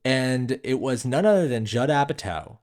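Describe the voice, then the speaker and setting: A man's voice: medium pitch, normal speed. A man co-hosting a podcast, talking casually about a film and leaning on "like" and "you know" as he goes. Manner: animated, full of "like" and "you know". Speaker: podcast co-host.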